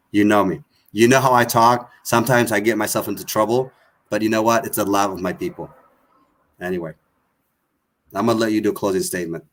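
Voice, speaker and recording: A man's voice: fairly low pitch, steady tone, a little fast, pauses often, fairly bright tone. A man from Tigray, hosting an online show and speaking in an emotional, accusatory way with much repetition. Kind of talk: impassioned political talk.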